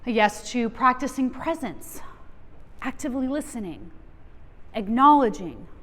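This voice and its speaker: Speaking at a measured pace, a keynote speaker with a fairly high, fairly bright, very animated voice coaches her audience head-on from the stage. The motivational talk echoes with the long reverb of a big event hall.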